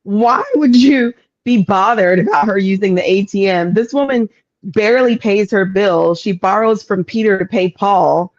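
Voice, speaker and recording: A woman's voice: mid-range voice, normal speed, dull audio. A woman co-hosting a casual show recap, blunt and teasing in her remarks. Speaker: co-host.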